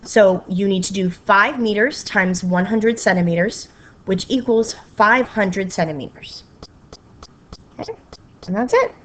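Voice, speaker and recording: Woman teacher, recorded math lesson, unhurried delivery, patient step-by-step explaining, playful sing-song moments. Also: mid-range voice, slight background noise. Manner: slow, patient explaining with frequent okays.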